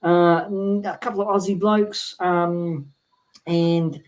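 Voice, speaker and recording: A man co-hosting a casual music chat, talking excitedly like a promo jingle with lots of fillers. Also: high-pitched, takes it slowly, low-quality recording. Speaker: music show co-host.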